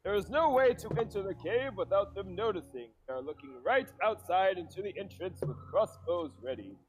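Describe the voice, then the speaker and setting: Man doing a pompous feisty old adventurer, grandiose formal speech, high and lively. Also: brisk, breathy edge, rough recording.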